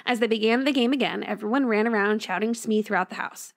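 A woman co-hosting a podcast casually retells a ghost story, reading it aloud at a quick pace in a creaky voice. She raises her pitch when voicing the quoted lines.

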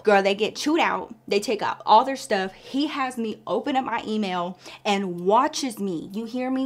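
A woman vlogger telling a story in casual, animated chat, often calling her listeners girl. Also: mid-range voice.

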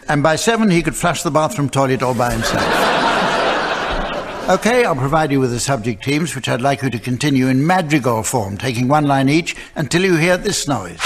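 An older man hosts a radio comedy quiz. His voice sits at a middling pitch, and he delivers dry scripted gags without hurry, flat and deadpan. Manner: deadpan, unhurried delivery of jokes. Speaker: quiz show chairman. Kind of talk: scripted dry comic introduction. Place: radio studio before a live audience.

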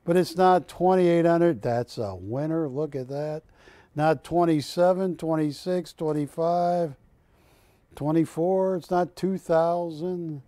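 A man's voice: a little high, takes it slowly, mellow, no room sound. A man hosting a live shopping channel, joking with the crew and counting prices down. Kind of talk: live TV sales pitch and banter.

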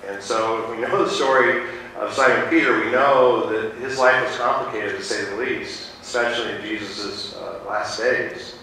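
A male pastor delivers a storytelling sermon, wandering through his points with frequent fillers and restarts. His voice is mid-pitched and bright. He is picked up from a distance in a very echoey sanctuary, with faint noise behind. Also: steady tone, normal speed. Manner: rambling, with many fillers and restarts. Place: church sanctuary. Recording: distant mic in an echoey church.

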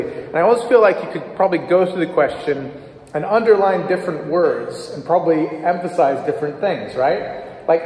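A man's voice: a little high, moderate pace, darkish tone. A man giving a conversational church teaching talk, posing questions to his audience. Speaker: speaker at a church teaching evening. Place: church hall. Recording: echoey hall with long reverb.

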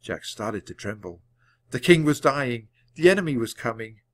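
A man reading a children's storybook aloud at a natural, measured pace for learners. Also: mid-range voice, big pitch swings, a bit bright. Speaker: audiobook reader. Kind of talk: storybook narration read aloud.

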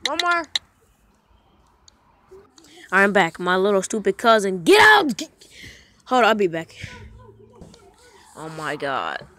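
A woman playing a texting game and reading its chat lines aloud in casual commentary, with animated, playful reactions. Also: mid-range voice, slow pace, pauses often. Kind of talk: casual let's-play commentary. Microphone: phone microphone via screen recorder. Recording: loud noisy phone screen recording with clicks.

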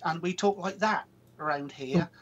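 A man's voice: a little high, moderate pace, lo-fi sound. Suffolk-accented Englishman, easygoing. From Suffolk, England. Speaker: panelist. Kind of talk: casual panel chat.

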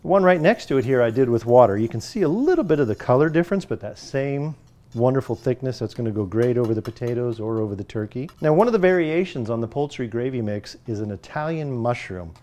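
A man's voice: medium pitch, warm tone. A man, a chef, presenting a friendly step-by-step cooking demonstration in a kitchen.

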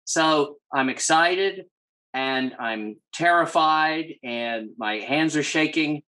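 A man, an artist guest, answering in an earnest, measured way. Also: a little high, pushed and bright, rough recording. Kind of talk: conversational interview answer.

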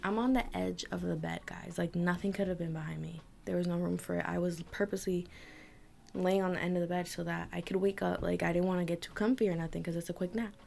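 A woman's voice: lowish voice, fairly even intonation, fast talker, vocal fry, darkish tone, slight background noise. A young woman vlogger telling a frightening personal story to her camera, tense and emotional, often dropping to a whisper. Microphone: camera mic.

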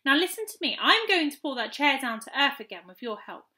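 A cheerful young male pixie guide speaks in a friendly, coaxing way, as a woman puts him on in a storybook reading. His voice sits high and bright. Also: very animated, a little fast, exaggerated voice. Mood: eager. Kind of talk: children's audiobook reading.

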